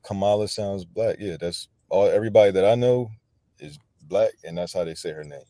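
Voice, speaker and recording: A man's voice: sits low, fairly quick, warm tone, dry recording. A man in casual podcast chat, explaining and defending his view, often repeating words as he starts.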